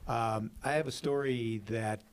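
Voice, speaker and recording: A man's voice: measured pace, slight background noise. A man casually telling funny work stories on a podcast, acting out what people said. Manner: animated, acts out quotes with big pitch jumps and laughs. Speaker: podcast co-host, filmmaker. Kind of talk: casual storytelling chat.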